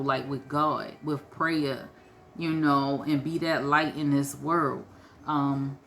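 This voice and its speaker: A woman's voice: sits low, fairly bright tone, a little hiss or hum. A woman vlogger giving a heartfelt motivational talk to her viewers, earnest and conversational, full of "you know" fillers.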